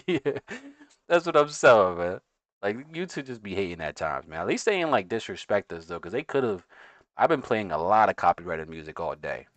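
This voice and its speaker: A man's voice: fairly low pitch, sing-song, normal speed, no room sound. A man with a New York accent, hosting a casual day-trading livestream, talking in loose slang and getting hyped. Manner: hyped, slangy, sings along to music. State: out of breath. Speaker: livestream host, day trader. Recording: faint music playing behind.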